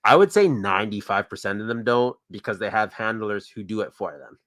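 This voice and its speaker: A man's voice: on the low side, lively intonation, fairly quick, a bit bright. A man hosting a casual show, chatting about toys and films in an easygoing, rambling way. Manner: easygoing, rambling, thinks aloud. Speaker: podcast host.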